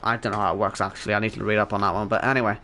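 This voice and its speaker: A man, hoarse and worn out, casually wrapping up an esports race stream and chatting with viewers. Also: on the low side, level tone, racing, sharp tone, slight background noise. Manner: chatty, reads chat aloud, self-deprecating. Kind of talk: casual stream sign-off commentary.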